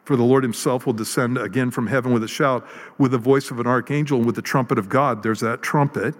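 A man preaching a sermon in a relaxed, conversational way, with self-deprecating jokes and many ums and restarts. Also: mid-range voice, quick pace. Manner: conversational, jokey, with fillers and restarts. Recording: long hall reverb.

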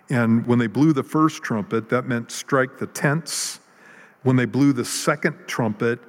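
A man preaching a sermon in a relaxed, conversational way, with self-deprecating jokes and many ums and restarts. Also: medium pitch. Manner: conversational, jokey, with fillers and restarts. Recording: long hall reverb.

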